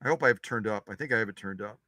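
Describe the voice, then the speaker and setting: A man's voice: on the low side, very fast, bright, forceful tone, no echo. A man hosting a live-stream sewing machine workshop, chatty and digressive, often repeating his phrases. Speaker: sewing machine restorer, show host.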